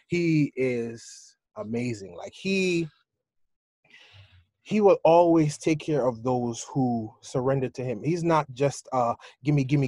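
A man's voice: mid-range voice, a little mellow, no room sound. A man, a youth leader, answering questions in an enthusiastic, testifying way, often saying "like".

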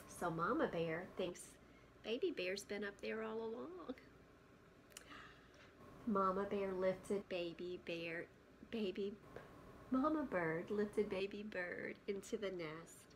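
A woman preschool teacher reading a picture book aloud to children, gentle and often hushed, stopping to ask questions. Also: mid-range voice, slow pace, long pauses, a little hiss or hum.

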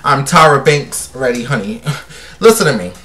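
A man's voice: medium pitch, expressive, moderate pace, sharp tone. A man hosting a casual gossip livestream, sassy and brash as he talks to his viewers. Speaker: livestream host.

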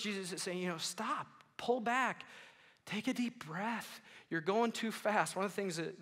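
A man preaching a sermon as pastor, lively and animated, acting out worried listeners and quoting scripture. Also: high-pitched. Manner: animated, acts out worried listeners and quotes with rising volume. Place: church sanctuary. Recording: long hall reverb of a church.

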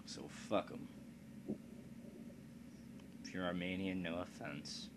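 A let's play commentator speaks slowly in a low voice over a strategy game, chatting to himself with crude, foul-mouthed jokes and tangents. There is a steady hum of background noise.

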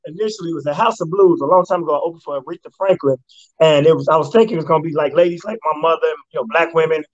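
A man telling stories on a talk show in a relaxed, rambling way. His voice sits a little high for a man. The sound is dry and slightly dull. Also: very fast, no room sound. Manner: laid-back storyteller who slips into mock voices. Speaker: guest comedian. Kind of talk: casual storytelling on a radio talk show.

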